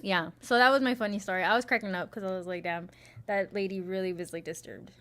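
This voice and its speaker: Young woman co-hosting a chatty podcast, swears a lot and acts out what people said, voice sits in a middle pitch, loose storytelling. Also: fairly even intonation, fast, a bit bright. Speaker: podcast co-host. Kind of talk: casual chat.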